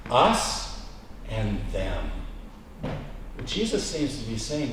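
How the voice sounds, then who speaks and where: A man's voice: mid-range voice, sing-song, measured pace. Male pastor preaching, voice jumps all over, really echoey room, mic kinda far off. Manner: storytelling preacher, acts out dialogue in a joke. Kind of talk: sermon. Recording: echoey room, mic at a distance, faint hiss.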